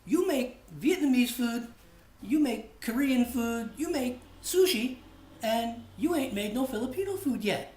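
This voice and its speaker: A man's voice: extremely high pitch, lively intonation, measured pace, darkish tone, reverberant, voice pushed up. A man voicing a laid-back male friend who teases him in a slangy way. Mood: teasing. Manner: slangy, teasing, says "yo" and "man".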